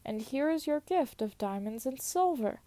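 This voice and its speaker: A woman's voice: sits high, animated, moderate pace, warm tone, no echo. A woman voicing a prancing, showy male winter spirit in a singsong voice, in a read-aloud folk tale.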